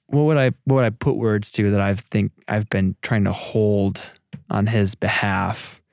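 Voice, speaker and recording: A man with a fairly low voice reflects on faith in an unhurried conversation. He thinks aloud and sometimes stops to search for the right words. The recording is dry and close. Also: fairly even intonation, creaky, a little mellow, dry recording. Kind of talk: casual faith discussion.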